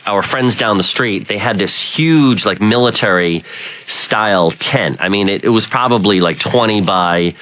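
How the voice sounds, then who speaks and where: A man's voice: lowish voice, unhurried, fairly bright tone, no echo. A man from Rhode Island hosting a talk radio show, telling stories in a rambling way with many fillers. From Rhode Island, United States. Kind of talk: casual talk radio chat.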